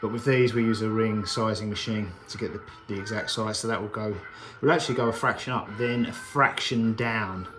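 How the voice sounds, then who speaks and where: A man hosts a live stream from his jewellery workshop, talking in a loose, rambling, wry way as he works. The room sounds open and echoey, with music playing clearly in the background. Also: fairly low pitch, fairly even intonation, brisk, hardly any pauses. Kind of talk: casual chat while working.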